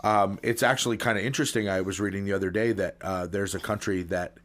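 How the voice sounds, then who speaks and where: A man's voice: lowish voice, steady tone, fast, a bit bright. A man co-hosting a podcast, telling long pun setups in a rambling way with many ums and restarts. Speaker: podcast co-host. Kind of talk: casual comedic chat.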